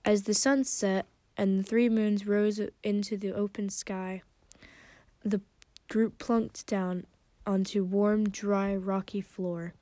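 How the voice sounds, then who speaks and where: A woman's voice: medium pitch, little pitch movement, takes it slowly, warm tone, no room sound. A woman casually reading her fan fiction aloud, stumbling and correcting herself.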